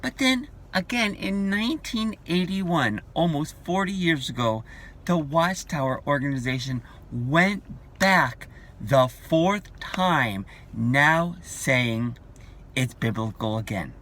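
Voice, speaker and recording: Brief: forties male vlogger, slow, bright, combative and repetitive. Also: on the high side, expressive. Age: 40s. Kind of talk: ranting vlog monologue.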